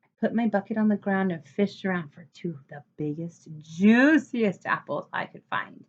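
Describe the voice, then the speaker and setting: A woman reading a children's chapter book aloud in an expressive way. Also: mid-range voice, moderate pace, muffled recording. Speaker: storybook reader.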